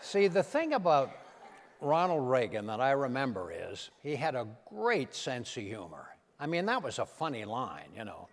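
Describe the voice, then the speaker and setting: An older man, a comedian and impressionist, telling anecdotes on stage with an animated, punchline-driven delivery. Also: medium pitch, normal speed, long reverb tail. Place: event stage in a large hall.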